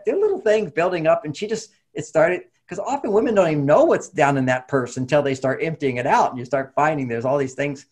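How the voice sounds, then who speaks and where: A middle-aged man, a therapist, telling a personal story in a lively way and acting out the lines of the people in it. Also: a little high. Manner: animated storytelling, acting out quotes. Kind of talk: storytelling talk.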